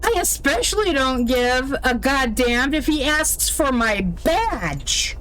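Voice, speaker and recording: A woman's voice: high voice, lively intonation, slow, a bit bright, a little hiss or hum. A woman streaming a video game, commenting casually in a blunt, opinionated way with plenty of swearing.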